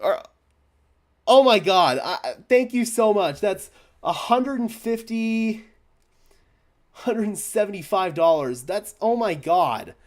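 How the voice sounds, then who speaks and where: A young man hosting a fan live stream, stammering and overwhelmed, swinging from hushed thanks to shouting. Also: high-pitched, lively intonation, slow, long pauses. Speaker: fan channel host.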